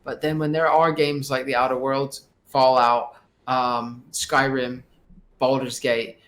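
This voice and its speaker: A man co-hosting a casual chat about video games, thoughtful and drawn-out, acting out dialogue now and then. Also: medium pitch, little pitch movement, a bit bright. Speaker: podcast co-host.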